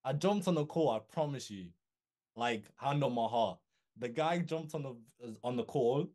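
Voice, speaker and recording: Young male guest, mid-pitched, casual animated storyteller, throws in "bro" and "yo". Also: a little slow. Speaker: guest copywriter.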